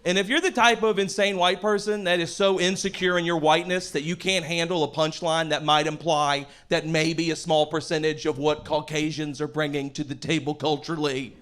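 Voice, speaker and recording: A man's voice: fairly high pitch, level tone, normal speed, hardly any pauses, a bit bright. A man doing a stand-up set in a comedy club, with sardonic, self-deprecating delivery. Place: comedy club stage with laughing audience. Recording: live club recording with clear background noise.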